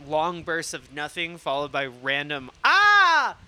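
Man, podcast co-host, casual chat, rambling, swears a lot, crisp voice. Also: a little high, normal speed, sharp tone.

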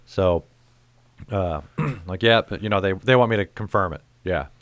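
Low, smooth-voiced man telling stories. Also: moderate pace, no echo. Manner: profane, animated storytelling with acted quotes. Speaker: podcast host. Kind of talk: casual chat, storytelling.

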